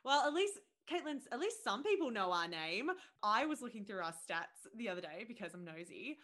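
A woman, co-hosting a podcast in casual chat, expressive and quick to giggle. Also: mid-range voice. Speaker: podcast co-host.

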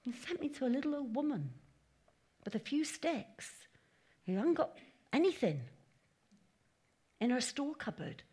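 A woman's voice: high-pitched, a little slow, pauses often, slightly rough. A woman giving a conversational sermon at a church meeting, with chatty asides and acted-out quotes. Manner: chatty, animated, laughing asides, acting out quotes. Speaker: preacher.

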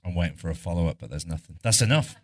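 A man hosting a live podcast interview on stage, asking long, measured questions. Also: low voice, expressive. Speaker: podcast host. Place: arts club stage, indoors.

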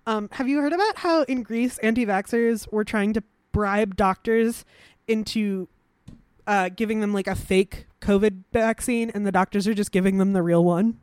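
Woman, podcast co-host, casual chat, reads news aloud, halting fillers, dry sound. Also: mid-range voice, darkish tone, clear, resonant tone, no echo. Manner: halting, with many fillers and restarts.

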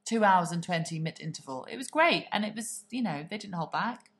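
A woman's voice: fairly low pitch, animated, a little fast. A woman co-hosting a podcast, chatting casually in a gossipy, theatrical way and swearing freely. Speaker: podcast co-host. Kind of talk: casual chat.

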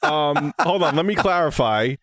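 A man's voice: a little high, animated, normal speed, fairly bright tone, no echo. A man co-hosting a casual podcast, joking and laughing. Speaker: podcast co-host.

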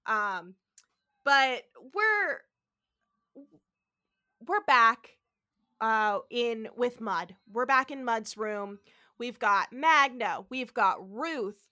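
A woman's voice: a little high, expressive, very slow, long pauses, sharp tone, clean tone. A woman co-hosting a podcast, chatting casually with lots of fillers and frequent laughter. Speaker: podcast co-host. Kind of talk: casual podcast chat recapping a TV episode.

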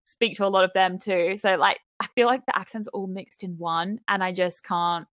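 A woman's voice: medium pitch, fairly even intonation, moderate pace, a bit bright, no echo. A young Australian woman co-hosting a podcast in casual chat, with dry, wry asides. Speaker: podcast co-host.

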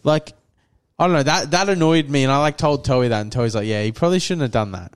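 A man's voice: mid-range voice, fast talker, smooth. A young man, co-hosting a podcast and telling a rambling story full of "like" and acted-out quotes. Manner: rambling storyteller, lots of "like" and restarts, acts out quotes. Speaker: podcast co-host. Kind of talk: casual chat, telling a story.

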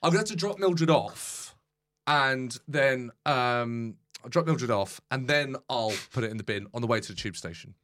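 A man who is a podcast guest, telling a rambling anecdote in casual chat, deadpan and swearing freely. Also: medium pitch, normal speed. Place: podcast studio.

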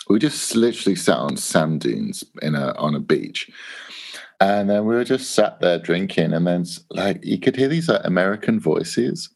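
An English man telling a long anecdote in a casual chat, animated, swearing and acting out what people said. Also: deep voice. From England. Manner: animated anecdote, swearing, laughing, acts out quoted voices. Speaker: guest. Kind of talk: casual storytelling.

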